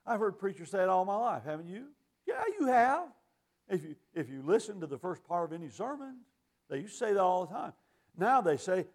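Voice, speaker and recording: A man's voice: high-pitched, sing-song, normal speed. A man preaching a sermon in a folksy, emphatic way, quoting scripture.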